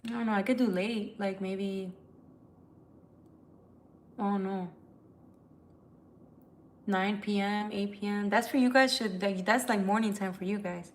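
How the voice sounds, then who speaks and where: A woman's voice: mid-range voice, steady tone, unhurried, long pauses, a little hiss or hum. A tired woman who reads tarot, chatting candidly and emotionally with viewers on a livestream, swearing casually. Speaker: tarot reader.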